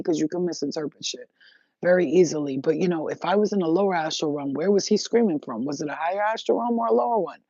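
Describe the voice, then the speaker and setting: This dull, dry lo-fi recording features a spiritual vlogger whose voice is on the low side and dark in tone. Addressing her viewers, she vents in a rambling monologue that's emphatic and full of profanity.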